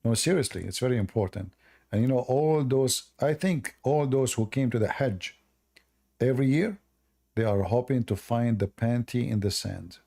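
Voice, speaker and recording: A man who is not a hosts a call-in debate, arguing in a sarcastic, emphatic way while his voice is going hoarse. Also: mid-range voice, moderate pace, dark tone. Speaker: host.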